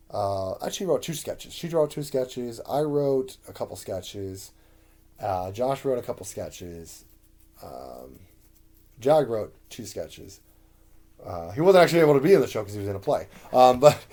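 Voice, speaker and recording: A man's voice: fairly low pitch, warm tone. A man casually recalling his sketch comedy shows, meandering and full of ums and uhs. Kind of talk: casual rambling recollection.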